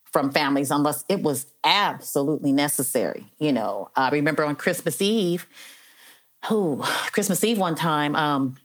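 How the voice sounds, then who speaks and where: A woman's voice: low voice, lively intonation, normal speed. A middle-aged woman, a probation officer, telling stories in an interview in an earnest, heartfelt way with many "you know" fillers. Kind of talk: conversational storytelling interview.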